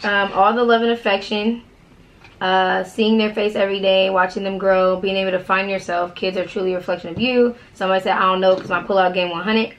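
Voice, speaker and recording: A woman co-hosting a casual chat show, a mother telling lively stories about parenting and calling herself a yeller. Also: medium pitch, a little fast, dull audio. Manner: animated storytelling, self-described yeller. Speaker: podcast co-host and mother.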